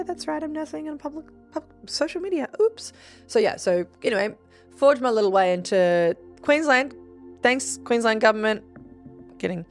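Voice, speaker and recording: A young Australian woman hosting a podcast, telling a story in a casual, animated way, swearing freely and acting out what people said. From Melbourne, Australia. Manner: animated, swears freely, acts out dialogue with big pitch jumps. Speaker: podcast host.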